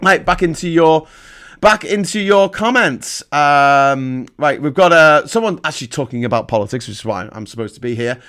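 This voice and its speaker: A man's voice: on the high side, animated, moderate pace, a bit bright, clear, resonant tone. A man from Liverpool rambles through a casual livestream. He swears freely, mocks himself and drifts between personal stories and political commentary. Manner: rambling, sweary, self-mocking. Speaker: livestream host. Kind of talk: casual live-stream chat and political commentary.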